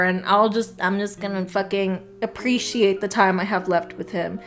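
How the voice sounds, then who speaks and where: A woman's voice: mid-range voice, steady tone, moderate pace, hardly any pauses, soft background music. A young woman telling a casual story-time vlog, chatty and swearing a lot. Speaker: vlogger.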